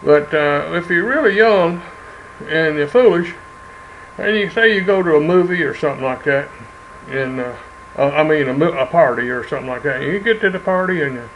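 A man's voice: fairly high pitch, fairly bright tone, muffled recording, slight background noise. A man, hosting a rambling, folksy commentary monologue full of "uh"s. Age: 70s. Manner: rambling, drawling storyteller with many "uh"s. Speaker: commentary show host.

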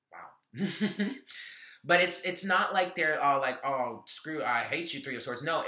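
A man's voice: mid-range voice, bright, forceful tone, reverberant. A man giving a casual tarot reading, chatty and earnest, thinking aloud as he goes. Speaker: tarot reader.

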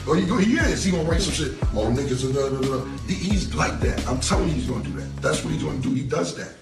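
A man talks in a lively, swooping voice with a gravelly edge, repeating himself and cursing as he goes. He sits far from the mic in an echoey room, with music playing clearly behind him. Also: fairly high pitch, fast. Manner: animated, repeats himself, swears freely, laughs. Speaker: interviewee in a played clip. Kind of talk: casual interview talk. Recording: roomy echo, distant from the mic.

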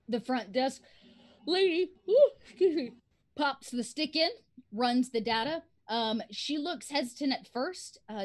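A woman game master narrates a tabletop role-playing session. She talks in a chatty, loose way with many fillers, and her voice sits a little high.

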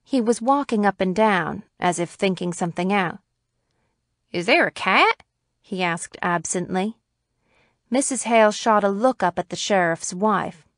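A woman narrating a classic short story as an audiobook reader, in a measured, even storytelling manner. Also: mid-range voice, no room sound, clean studio sound. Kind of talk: scripted narration.

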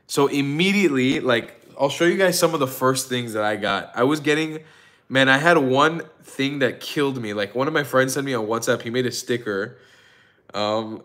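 A man hosting a casual livestream, telling stories in an excitable, profane way and laughing often. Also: medium pitch. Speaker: livestream host.

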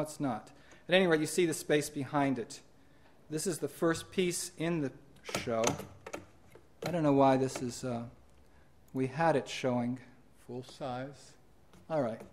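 A middle-aged man presenting his own exhibition with slides at a conference, talking in an unhurried, halting way with many ums and restarts. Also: on the high side.

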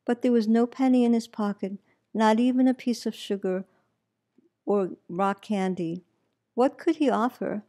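Calm woman reading a story aloud. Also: fairly high pitch, a little slow. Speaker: meditation teacher.

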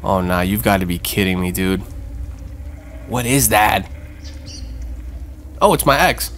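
A man hosting a gaming channel, giving excitable let's-play commentary with swearing and jumpy reactions. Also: fairly low pitch, measured pace, a little hiss or hum.

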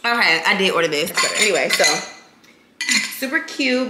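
Animated and mid-range, a young vlogger speaks at a normal pace to her "y'all" audience. The echoey room is loud with heavy background noise and kitchen clatter.

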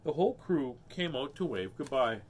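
A man's voice: medium pitch, animated, moderate pace, darkish tone. Playful man reading aloud with joking asides. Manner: playful, self-mocking. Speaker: host reading children's books.

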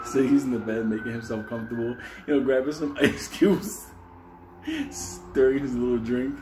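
A man's voice: mid-range voice, fairly even intonation, normal speed, background noise. A man telling a comic story in a loose, profane way, chuckling as he goes.

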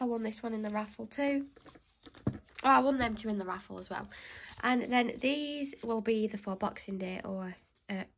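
A woman's voice: a little high, gravelly, slight background noise, poor audio. A young woman chatting casually to camera at home in a rambling, filler-heavy way. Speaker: vlogger. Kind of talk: casual home vlog chat. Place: home, indoors.

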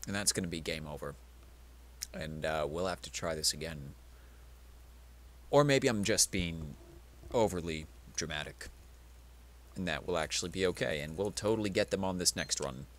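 A man whose voice sits low talks at normal speed with frequent pauses during a casual let's play. He's been drinking, so he rambles, swears, and pleads theatrically, and game music runs in the background.

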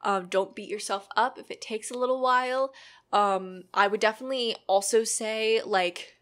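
Woman, mid-pitched, casual rambling chat as a YouTube creator giving encouraging tips. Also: a bit bright. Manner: chatty and rambling with many ums and likes; earnest, encouraging advice. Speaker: YouTube creator answering viewer questions.

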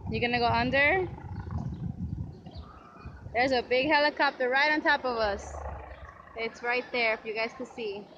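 A woman films a casual family vlog at a park and on the walk home, chatting with her kids and laughing often as she narrates. Her voice is fairly high and measured, with frequent pauses, and the noisy outdoor camera recording sounds muffled amid outdoor ambience.

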